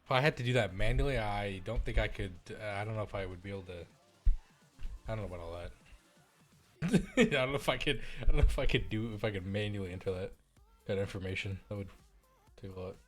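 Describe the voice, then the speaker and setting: A man's voice: lowish voice, a little fast, long pauses, soft background music. A young man streaming live and chatting casually through a cheap desk mic, rambling, repeating himself and laughing often.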